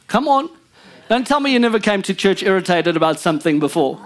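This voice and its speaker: A woman pastor preaching a sermon in an animated way, swinging between loud emphasis and low murmured asides, often calling out "come on" and "amen" to the congregation. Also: a little fast.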